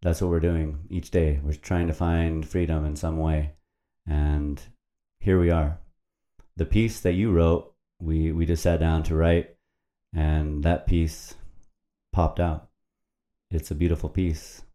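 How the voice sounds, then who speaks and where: Deep, dark-voiced male podcast host. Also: flat delivery, slow. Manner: rambling, profane and playful. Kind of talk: casual podcast chat and poetry reading. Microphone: podcast microphone at a computer.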